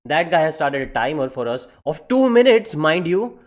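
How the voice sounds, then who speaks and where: Young guy ranting thru a funny story, kinda high voice, lots of swearing and big exaggerations. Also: moderate pace. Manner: animated, profane, exaggerated. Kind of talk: comedic personal storytelling.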